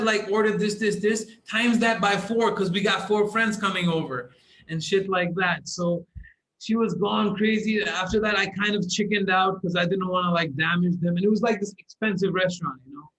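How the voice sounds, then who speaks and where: A young man as a podcast guest, telling stories in animated casual chat and laughing often. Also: sits high, poor audio. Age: young adult.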